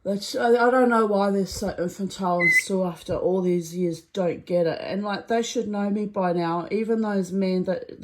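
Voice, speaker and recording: A middle-aged woman talks through a story in a loose, chatty monologue. Her voice sits on the low side. She wanders into asides and fillers as she goes. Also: a little hiss or hum, rough recording. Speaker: vlogger.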